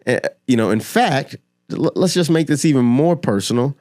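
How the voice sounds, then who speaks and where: A man with a voice of ordinary pitch speaks straight to his audience in a motivational talk. He is emphatic and persuasive, stacking rhetorical questions and repeating phrases to drive his points home. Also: lively intonation, moderate pace, a little mellow. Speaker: finance and motivation creator. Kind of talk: direct-to-camera motivational talk.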